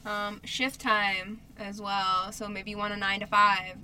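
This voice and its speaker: A woman co-hosting a casual chat podcast, talking loosely with lots of fillers and quick laughs. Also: medium pitch, flat delivery, bright, forceful tone, a little hiss or hum. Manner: chatty, laughs often, many fillers. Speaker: podcast co-host.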